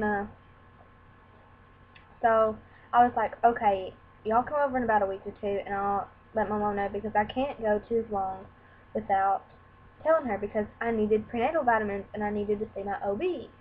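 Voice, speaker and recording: A woman's voice: medium pitch, fairly even intonation, moderate pace, pauses often. Young woman on tinny lo-fi audio. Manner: candid, rambling, acts out quoted dialogue. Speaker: vlogger. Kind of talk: personal storytelling to camera. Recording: tinny lo-fi sound with faint hiss.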